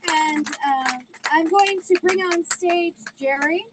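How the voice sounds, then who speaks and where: A woman with a high, bright voice opens a rally, upbeat and welcoming. She calls out from the stage outdoors. Loud background noise sits under her words. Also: takes it slowly. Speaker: volunteer coordinator, rally emcee. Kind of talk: welcoming announcements.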